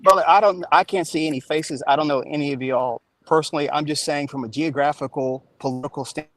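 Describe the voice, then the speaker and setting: A man's voice: a little high, steady tone, fast talker, fairly bright tone, dry recording, rough recording. A man from the Washington DC and Maryland area with an American accent, talking earnestly on an online panel. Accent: American, Mid-Atlantic (DC/Maryland). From United States. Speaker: panel guest. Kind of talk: casual panel discussion. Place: online voice call.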